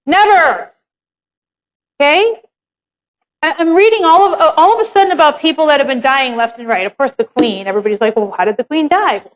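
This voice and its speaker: Brief: high-pitched woman, real estate seminar presenter, frank and conversational, drops the odd swear word. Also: fairly quick, long pauses, poor audio. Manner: candid, chatty, swears casually. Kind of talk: live seminar talk.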